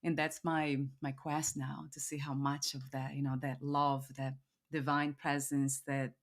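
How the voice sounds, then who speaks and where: A woman hosting a podcast, speaking in a soft, musing way and often pausing to restart her thoughts as she reflects aloud. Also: a bass voice, little pitch movement. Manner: soft-spoken, musing, trails off and restarts while thinking aloud. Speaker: podcast host. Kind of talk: reflective conversational interview.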